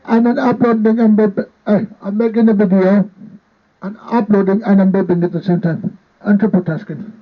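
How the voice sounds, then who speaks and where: High-voiced man rambling on a tinny line. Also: steady tone, normal speed. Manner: repetitive, playful, talks to a partner off camera. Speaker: vlogger. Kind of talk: casual rambling vlog chat. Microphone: handheld microphone. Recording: tinny phone-like sound.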